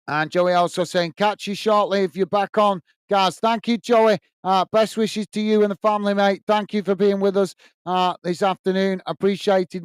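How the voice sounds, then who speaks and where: A man's voice: high voice, clear, resonant tone, no room sound, clean studio sound. A man from the UK hosting a casual livestream, reading out viewer comments and giving friendly sign-offs with lots of fillers. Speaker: livestream host.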